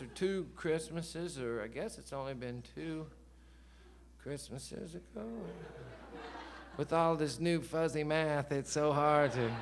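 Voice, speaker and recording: On stage at a live concert venue, a singer-songwriter with a voice on the high side tells a long, rambling story between songs. He's loose and chatty, swearing as he goes, with a noisy background around him.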